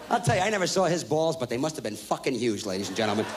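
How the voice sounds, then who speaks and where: A man in his thirties doing stand-up comedy, telling a profane story in a brash, rapid-fire way with shouted punchlines, on a live stage. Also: fairly high pitch, lively intonation, a little hiss or hum.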